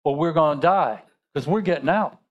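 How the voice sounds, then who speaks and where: A man's voice: fairly high pitch, normal speed, highs cut off. A male pastor preaching a sermon in a conversational way, asking rhetorical questions.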